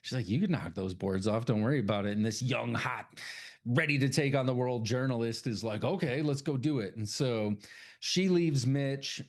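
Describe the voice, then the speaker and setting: A man's voice: mid-range voice, normal speed. A man co-hosting a horror podcast, loosely retelling a film's plot with swearing and acted-out character lines. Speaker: podcast co-host. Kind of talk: casual movie recap chat.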